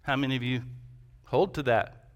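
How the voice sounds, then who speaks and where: A man's voice: medium pitch, moderate pace. A man preaching a sermon as pastor, emphatic, with rhetorical questions and repetition.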